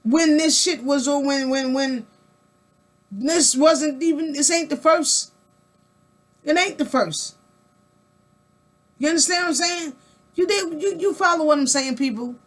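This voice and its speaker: A woman speaks in a high, unhurried voice, talking straight to her viewers in a casual monologue. She is emphatic and colloquial, repeating words for weight and asking the listener rhetorical questions. Her talk rambles with restarts as she builds her point. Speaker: vlogger.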